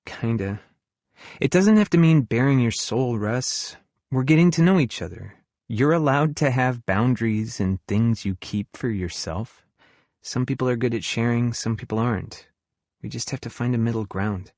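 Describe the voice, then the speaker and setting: An earnest young woman counselor speaks her hurt feelings plainly, as a male audiobook reader puts her on. Her voice sits a few steps above the reader's own low tone. The audiobook sound is dry and close, with no room around it. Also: normal speed, darkish tone, dry recording, natural voice. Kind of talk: audiobook dialogue reading.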